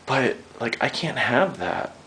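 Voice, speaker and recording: A man's voice: mid-range voice, big pitch swings, slow, pushed and bright, a little hiss or hum. A young man interviewing a guest, rambling, joking and swearing freely as he gets emotional.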